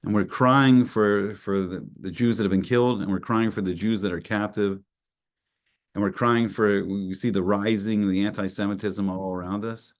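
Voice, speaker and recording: A man's voice: on the low side, steady tone, moderate pace. A man giving an earnest Torah class. He reads Hebrew phrases and then translates each one into English, building emphasis through repetition. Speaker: Torah teacher.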